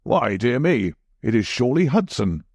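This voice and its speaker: A man voicing a nervous older country gentleman with a startled, gentlemanly manner. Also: mid-range voice, sing-song, normal speed, husky, dry recording, voice pushed up.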